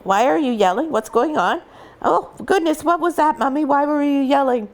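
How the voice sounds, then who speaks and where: A woman voicing a startled little female puppy who asks puzzled questions in a soft, sweet way. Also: sits high, moderate pace, pitched above the performer's own voice. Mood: bewildered.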